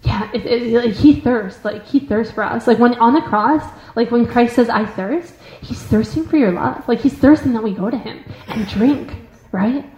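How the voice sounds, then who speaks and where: High-voiced nun, emphatic, echoey room. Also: female voice, normal speed, darkish tone. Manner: earnest, emphatic, with frequent "like" fillers and repetitions. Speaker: religious sister giving a talk. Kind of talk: informal spiritual talk. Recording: echoey room, muffled sound.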